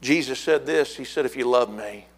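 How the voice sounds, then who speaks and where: A middle-aged man preaching a fiery sermon as pastor, building to shouted repeated words. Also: medium pitch, moderate pace.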